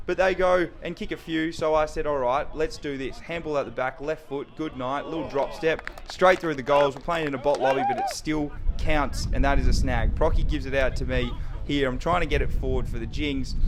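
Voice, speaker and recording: A young Australian man narrating his own football game footage in excitable, slang-heavy play-by-play. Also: on the high side. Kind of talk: mic'd-up sports commentary.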